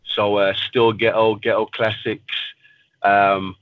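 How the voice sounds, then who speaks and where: A man's voice: lowish voice, little pitch movement, slow, narrow, tinny audio. A man, a professional fighter, talking casually and bluntly in an interview and swearing freely. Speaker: pro fighter guest.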